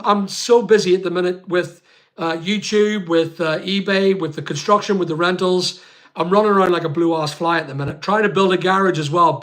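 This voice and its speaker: A man's voice: high voice, fairly bright tone. A man with a Northern Irish accent hosting a live stream, chatting casually to viewers and reading out their comments in a rambling way. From Northern Ireland. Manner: chatty, rapid and rambling, calls people mate. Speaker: livestream host. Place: home studio.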